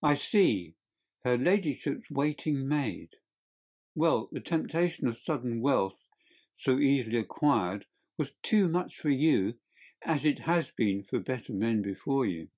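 A man voicing a stern, commanding male detective who questions a suspect in a measured way in an audiobook reading. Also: medium pitch, expressive, darkish tone. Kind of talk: audiobook character voice.

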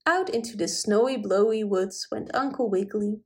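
A woman reading a children's animal story aloud in a gentle, measured way. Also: mid-range voice. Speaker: narrator.

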